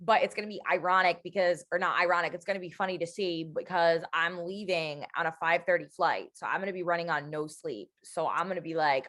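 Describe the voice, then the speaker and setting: A woman's voice: on the low side, brisk, hardly any pauses. A young adult woman co-hosting a podcast in casual chat, telling stories animatedly. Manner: animated storyteller, slips into playful voices. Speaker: podcast co-host.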